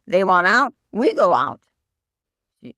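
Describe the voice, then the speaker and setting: A woman Zen teacher gives a slow, reflective dharma talk and often breaks off to question her listeners. Her intonation rises and falls a great deal. The recording is dry and close. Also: medium pitch, big pitch swings, pushed and bright, no room sound, dull audio.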